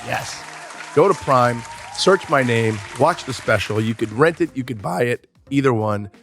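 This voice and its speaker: A man's voice: mid-range voice, lively intonation, a little slow, fairly bright tone, soft background music, some chatter behind. A man, a comedian co-hosting a podcast, telling a loose, profane story in casual chat.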